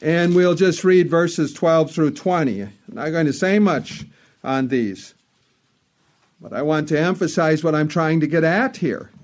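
A man's voice: on the high side, a little slow. A man preaching a sermon in an earnest, emphatic way, repeating phrases for stress.

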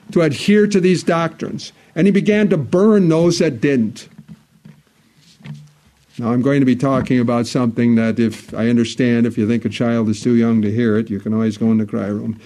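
A man preaching a sermon in a church, earnest, his voice swelling on key phrases and dropping low and slow for solemn parts. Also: warm tone. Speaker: pastor.

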